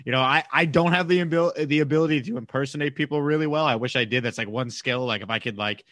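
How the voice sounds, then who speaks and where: A man's voice: mid-range voice, fast, a bit bright, no echo. Male co-host from Long Island, mid-range voice, chatty and self-deprecating, dry sound. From Long Island, New York. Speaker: podcast co-host, radio host by day. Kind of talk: casual chat.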